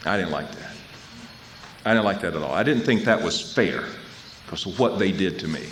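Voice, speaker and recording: A man's voice: sits low, expressive, normal speed, fairly bright tone, slight background noise. Man telling his recovery story. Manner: storytelling, repeating phrases for weight. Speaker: recovery meeting speaker. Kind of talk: personal recovery talk. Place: convention hall.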